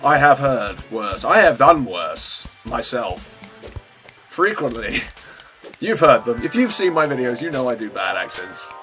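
A man giving chatty, self-mocking let's play commentary at his computer, breaking into sudden excited outbursts. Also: mid-range voice, a little slow, over music. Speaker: gaming channel host.

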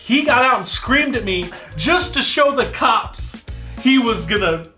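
A man's voice: very high-pitched, lively intonation, unhurried, pushed and bright. A man from the United States telling a long, rambling story with laughs as a guest on an interview show. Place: indoor set, eating spicy wings. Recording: roomy room with faint music.

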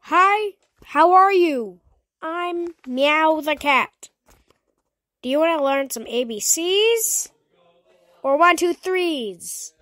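A young voice playing a cheerful cat who teaches letters and numbers in a homemade comedy skit, slow and sing-song. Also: high-pitched, expressive, pushed and bright, dry recording, heavily acted. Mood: cheery.

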